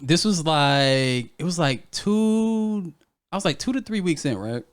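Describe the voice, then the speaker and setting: A man's voice: on the high side, animated, a little slow, smooth. A young man co-hosting a podcast, telling a story in casual chat, laughing often and swearing freely. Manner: laughs often, loose and profane. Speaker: podcast co-host.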